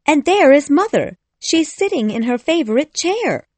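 A woman voicing a warm, motherly young girl in a storybook reading, in a raised bright voice. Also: high voice, huge pitch swings, unhurried, no room sound, voice pushed up, exaggerated voice. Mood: joyful.

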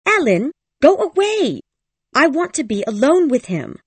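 A man voicing a spoiled, hot-tempered young woman with a shrill, imperious manner in a read-aloud story. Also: big pitch swings, moderate pace, dry recording, heavily acted. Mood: furious.

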